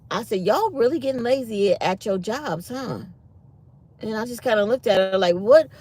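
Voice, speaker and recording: A woman's voice: medium pitch, a little mellow. A middle-aged woman hosts her own channel and chats casually with her viewers. She tells a story with mounting exasperation and acts out every back-and-forth in the quoted voices. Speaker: channel host.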